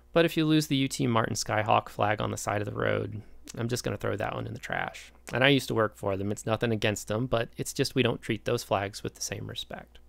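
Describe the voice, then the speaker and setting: A man's voice: mid-range voice, creaky, no room sound. A man lecturing college students in a casual, conversational way, often stepping aside to speak to them directly. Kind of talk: recorded lecture.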